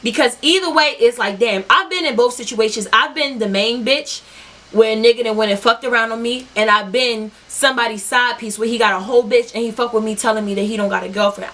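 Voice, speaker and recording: A young woman vlogger telling a storytime tale in an animated, profane, slangy way. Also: on the high side. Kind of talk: storytime vlog.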